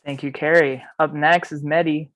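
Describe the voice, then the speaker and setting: A game host introducing contestants one by one in a steady announcing manner. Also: medium pitch, moderate pace.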